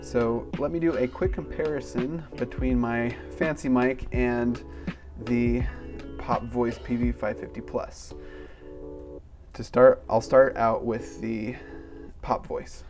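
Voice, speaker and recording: A male tech reviewer talking through a gadget in a relaxed, unhurried way. His voice sits at an ordinary middle pitch, and he keeps his delivery measured and plain. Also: faint music behind. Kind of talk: casual product review.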